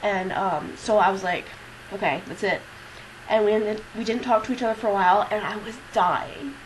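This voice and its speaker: A young woman vlogging alone, telling a personal story in a loose, rambling way full of "um" and "like" and the odd swear word. Her voice sits at an ordinary middle pitch. A faint hiss runs under the recording. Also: fairly quick, low-quality recording. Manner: rambling, profane, self-deprecating with many fillers. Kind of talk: casual confessional vlog.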